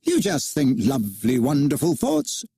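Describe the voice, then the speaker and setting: A man's voice: medium pitch, huge pitch swings, measured pace, gravelly, mellow, a little hiss or hum, exaggerated voice. A man voicing a cocky, boastful boy who can fly, in a storybook reading. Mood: coaxing. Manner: boastful, imperious.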